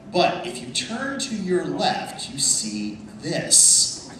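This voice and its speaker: A man speaking at a convention panel, telling a story over slides in an animated way and calling the audience "folks". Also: on the high side, slow pace. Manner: animated, addresses the crowd as folks. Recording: echoey hall from far off, noisy.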